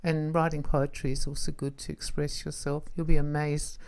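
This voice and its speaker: Woman, podcast host, very low voice, gentle, reassuring, speaks to the listener, unscripted self-help talk. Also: flat delivery, moderate pace, creaky, clean tone.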